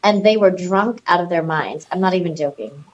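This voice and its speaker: A woman's voice: fairly low pitch, a little fast, darkish tone, muffled recording. A woman from the United States, a film director and podcast guest, telling stories animatedly, laughing, swearing and acting out other people's voices. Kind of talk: casual interview storytelling.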